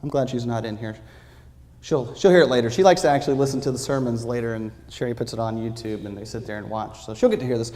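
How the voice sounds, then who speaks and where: A man preaching, telling a lively personal story with acted-out quotes in a church. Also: mid-range voice, fast. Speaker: pastor. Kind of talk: sermon storytelling. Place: church sanctuary. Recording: long reverb of a church sanctuary.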